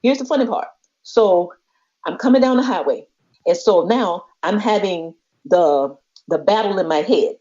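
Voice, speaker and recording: A woman's voice: lowish voice, animated, moderate pace, dark tone. A woman co-hosting a podcast, telling a story expressively, acting out the voices of the people she quotes and laughing often. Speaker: podcast co-host. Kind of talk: animated storytelling chat. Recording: muffled lo-fi podcast audio.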